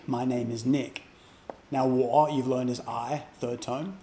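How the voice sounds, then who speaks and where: A man teaching a beginner language lesson, explaining slowly and repeating example phrases with care. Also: mid-range voice, warm tone. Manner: slow, careful repetition of example phrases.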